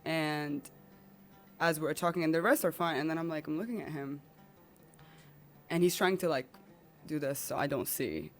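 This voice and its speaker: A woman's voice: low-pitched, expressive, normal speed, long pauses, soft background music. A woman guest on a podcast telling a personal story in an emotional, rambling way.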